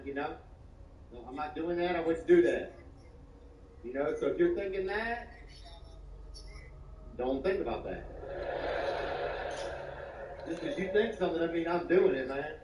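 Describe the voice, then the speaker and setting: Man rambling deadpan stand-up, echoey far-off. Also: fairly high pitch. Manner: rambling, deadpan, peppered with "you know". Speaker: stand-up comedian. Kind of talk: stand-up comedy. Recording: echoey, distant, dull, noisy live room.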